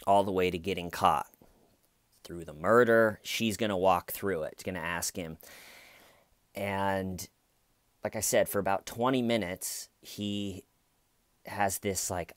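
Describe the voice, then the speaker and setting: Sarcastic man with a low, dry voice. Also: dry recording. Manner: sarcastic, profane, mimics people he talks about. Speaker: commentary channel host. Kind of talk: casual true-crime commentary.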